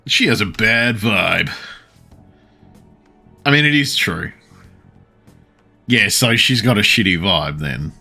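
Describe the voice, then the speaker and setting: Crude joking low-voiced male streamer. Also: expressive, slow, gravelly, pauses often, pushed and bright, faint music behind. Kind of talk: casual gameplay commentary.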